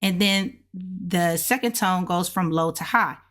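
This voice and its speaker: Fairly low-pitched and slightly bright, this woman walks viewers through language practice in a relaxed lesson. She's a learner teaching alongside them, speaking patiently and elongating syllables as she models sounds.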